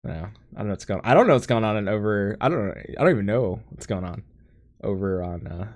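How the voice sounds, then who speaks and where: A man's voice: lowish voice, lively intonation, fast talker, a little mellow. An American man hosting a casual gaming podcast, joking, reading chat aloud and laughing often. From United States. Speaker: podcast host.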